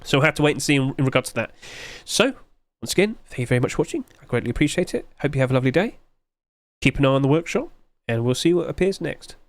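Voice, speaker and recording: A man's voice: medium pitch, lively intonation, quick pace, dry recording. A man hosting a gaming video, talking casually and chattily, chuckling at himself as he rambles.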